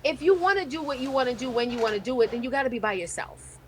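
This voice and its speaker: Higher-voiced woman comedian, noisy recording. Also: expressive, fast. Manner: storytelling, acts out quoted voices. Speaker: comedian guest. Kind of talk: casual podcast chat. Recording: noisy background hiss.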